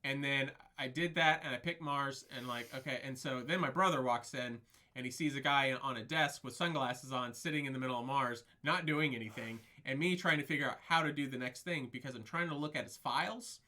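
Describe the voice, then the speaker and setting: A man's voice: medium pitch, fairly quick, sharp tone. A man co-hosting a podcast, chatting casually and telling rambling stories, laughing often. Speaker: podcast co-host. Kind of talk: casual chat.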